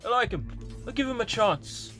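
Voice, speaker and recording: A man putting on a grumpy male talent-show judge, loud and blustering, while telling a story in a video. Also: very high-pitched, lively intonation, moderate pace, soft background music, pitched above the performer's own voice. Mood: gruff.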